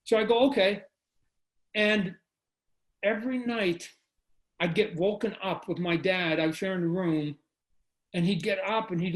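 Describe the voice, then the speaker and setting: A man from Canada, a guest telling animated stories on a video call, often repeating his phrases. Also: high-pitched, moderate pace, pauses often, low-quality recording. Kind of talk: casual storytelling.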